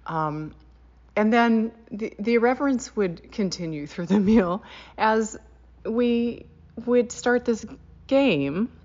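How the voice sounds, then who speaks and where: A middle-aged woman, telling a holiday story in a casual, animated way. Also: slow. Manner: animated, laughing, rising in pitch on quoted lines. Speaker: guest sharing a holiday memory. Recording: dull lo-fi sound.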